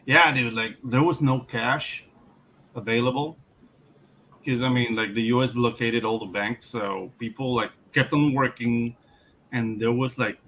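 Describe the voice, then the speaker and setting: A man chats casually, leaning on "like" and "dude" as he talks. His voice is bright and forceful. A faint noise sits behind him. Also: medium pitch, rough recording. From Panama. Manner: laid-back, peppers talk with "like" and "dude". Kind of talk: casual chat.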